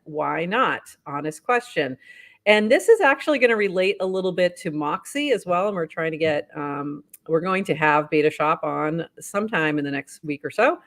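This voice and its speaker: A woman's voice: fairly low pitch, fairly bright tone. A woman co-hosting a casual talk show, upbeat, reading posts aloud and laughing often. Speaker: podcast co-host. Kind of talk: casual news roundup chat.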